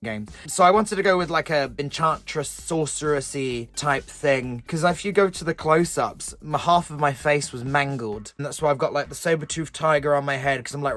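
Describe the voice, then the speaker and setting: Wry guest on a video call. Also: male voice, a little high, moderate pace, few pauses, dry recording, soft background music. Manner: lively storytelling, wry. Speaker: guest drag performer. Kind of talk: casual chat about own looks.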